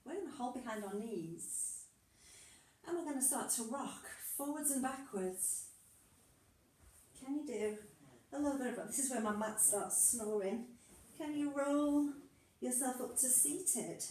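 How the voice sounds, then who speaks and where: A woman's voice: fairly high pitch, animated, slow pace, pauses often, mellow, slight background noise. Echoey, distant woman leading an exercise class. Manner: encouraging, playful, laughs often. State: a little out of breath. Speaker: movement class instructor. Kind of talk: guided exercise class instruction. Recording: echoey room, mic far off.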